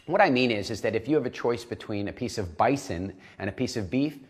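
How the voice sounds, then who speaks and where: A man's voice: mid-range voice, animated, a little fast. A man coaching a nutrition program in a recorded lesson, talking animatedly and acting out little inner voices.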